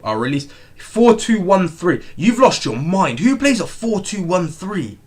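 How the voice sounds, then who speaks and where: A young man hosting a live football watchalong, excitable and repetitive, swinging from outraged exclamations to low muttering. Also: a little slow, husky. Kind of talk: live match watchalong commentary.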